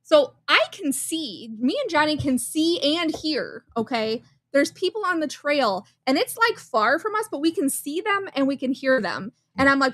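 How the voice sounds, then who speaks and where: A woman's voice: high voice, sing-song, moderate pace, hardly any pauses, fairly bright tone, no room sound. A woman co-hosting a live show, telling a story in brassy, self-mocking casual chat.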